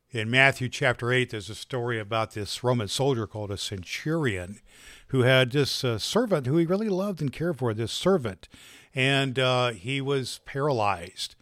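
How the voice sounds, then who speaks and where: A man hosts a spoken course in a loose, rambling manner, circling back on his words as he goes. His voice sits at an ordinary middle pitch. The sound is close and dry. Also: a bit bright, dry recording. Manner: rambling, loose, with fillers and restarts. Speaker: host and doctor teaching a course. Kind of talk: casual spoken lesson.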